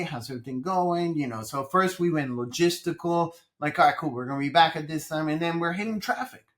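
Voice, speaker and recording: A man from Colombia, a business coach guest on a podcast interview, telling stories with animated energy and repeating his phrases. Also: on the high side.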